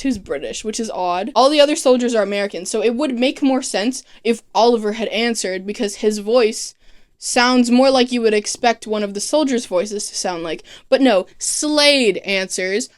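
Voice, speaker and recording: Brief: woman, slightly high voice, casual sarcastic recap commentary with swearing. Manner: sarcastic, swears, mocking asides. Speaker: TV show recap creator.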